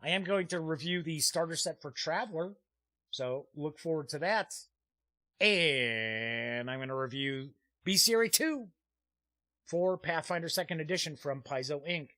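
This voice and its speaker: A man's voice: on the high side, expressive, a little slow, sharp tone, dry recording. A man hosting a live-streamed tabletop gaming show, chatting casually and rambling with frequent "uh" fillers as he reads viewer comments aloud. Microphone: streaming desk mic.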